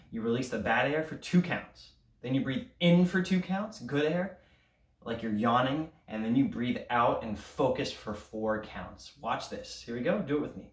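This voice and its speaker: A man teaching an elementary band lesson, leading breathing drills and counting aloud in an upbeat coaching way. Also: mid-range voice. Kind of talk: recorded online music lesson. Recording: roomy sound from a distance.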